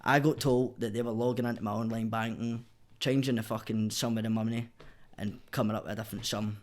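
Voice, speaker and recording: A man's voice: fairly low pitch, steady tone, a little fast. A young man with a Glaswegian accent, telling his story as a podcast guest in blunt, sweary casual chat. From Scotland.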